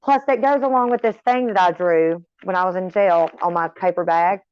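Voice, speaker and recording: Low-voiced, rambling, profane middle-aged woman. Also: normal speed, darkish tone, smooth, no echo. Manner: chatty, swears freely, wanders off on tangents. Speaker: vlogger talking to viewers. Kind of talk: casual rambling chat. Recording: slightly dull, dry recording.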